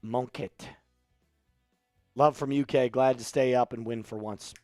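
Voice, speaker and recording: A man's voice: medium pitch, fairly even intonation, a little slow, pauses often, a little mellow, no room sound, studio quality, soft background music. A man hosting a casual live stream, joking around and reading out viewer messages. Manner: joking, reads out viewer chat. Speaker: livestream host.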